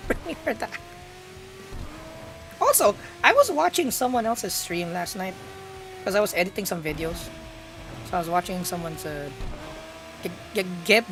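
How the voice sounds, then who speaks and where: A young woman, chatting playfully to her live-stream audience while gaming and laughing often. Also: fairly low pitch.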